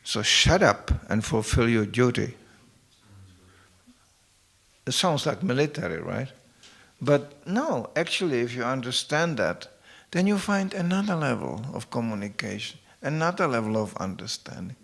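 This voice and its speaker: A man with a gravelly, creaky voice lecturing on scripture in a relaxed, conversational way. He keeps it light and humorous, slipping in stories and asides as he goes. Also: medium pitch, measured pace. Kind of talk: devotional lecture.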